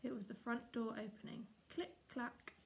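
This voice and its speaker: A woman teacher reads a children's novel aloud for home learning, steady and expressive. Her voice is gravelly and sits a little high. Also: moderate pace, slight background noise. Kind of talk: storybook read-aloud.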